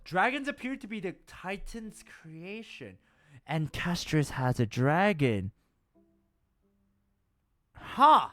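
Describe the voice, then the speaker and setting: Young man, game streamer, fairly high voice, chatty and animated, faint music behind. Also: takes it slowly, long pauses. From Malaysia. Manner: chatty, animated, laughs often. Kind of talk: casual gameplay commentary.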